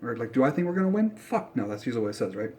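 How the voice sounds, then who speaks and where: A young man venting about his team in a casual vlog, blunt and full of curses. His pitch sits at an everyday middle height, and he swings from low grumbles to loud, sharp outbursts. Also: very fast. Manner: blunt, profane, animated ranting. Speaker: sports fan vlogger. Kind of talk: casual ranting commentary.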